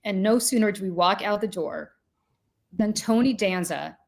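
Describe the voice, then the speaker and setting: A woman's voice: mid-range voice, normal speed, gravelly. A woman in her forties, a podcast host, telling a self-deprecating story in casual chat.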